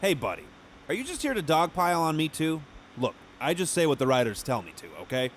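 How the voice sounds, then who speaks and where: A man voicing a meek, apologetic middle-aged male shopkeeper in an animated video, who pleads and defends himself. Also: a little high, fast talker, slight background noise. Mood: pleading.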